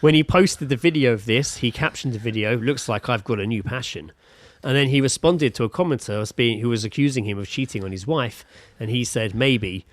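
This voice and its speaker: A man's voice: mid-range voice, fairly quick, no room sound. Sweary man telling stories on a podcast. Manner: laughing, sweary storytelling. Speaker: podcast co-host. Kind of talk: casual chat over a call. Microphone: video call.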